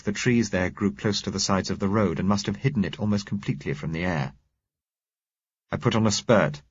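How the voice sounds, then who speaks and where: A man reading a novel aloud in measured, grave first-person narration. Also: on the low side, husky, no echo, dull audio. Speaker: audiobook narrator.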